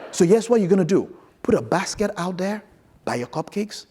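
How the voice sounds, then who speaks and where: A man giving a conference keynote on stage, telling an anecdote in an animated way and acting out both sides of the conversation. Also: high-pitched, normal speed, slightly rough. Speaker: keynote speaker.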